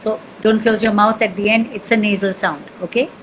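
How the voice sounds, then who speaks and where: Fairly quick and fairly even in intonation, a woman with a mid-range voice and an Indian accent teaches sound healing through chanting demonstrations. She repeats syllables patiently and checks the listener is following along. The poor audio has a little hiss or hum.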